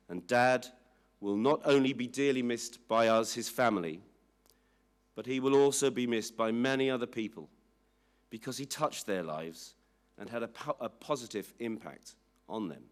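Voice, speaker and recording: A man slowly and solemnly reading a family statement aloud at a public inquiry hearing. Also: medium pitch. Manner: slow, measured, solemn reading.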